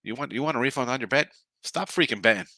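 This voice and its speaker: An older man hosting a sports betting podcast, ranting sarcastically and gruffly before running through his daily picks. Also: medium pitch, fast talker, sharp tone, no echo.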